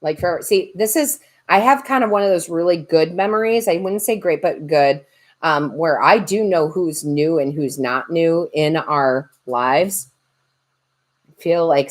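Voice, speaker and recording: A woman tarot reader and medium chatting on a livestream, joking and reading viewer comments aloud. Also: deep voice. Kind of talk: casual livestream chat.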